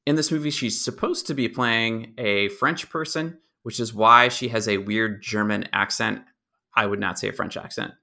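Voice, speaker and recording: A young man co-hosting a podcast, explaining film history in a relaxed, informative way with a dry sense of humor. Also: lowish voice, moderate pace, gravelly. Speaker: podcast co-host. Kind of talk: casual movie review chat.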